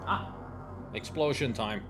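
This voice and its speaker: A man's voice: mid-range voice, slow pace. Joking, rambling male game commentator. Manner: rambling, joking, mock-serious asides. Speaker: let's play gamer. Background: game music.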